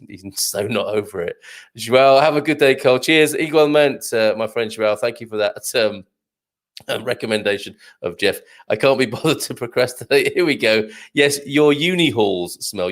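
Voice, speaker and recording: A male host chats through viewer comments on a casual live morning show, rambling with plenty of fillers and chuckles. His pitch sits in the middle but swings lively up and down as he jokes. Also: normal speed.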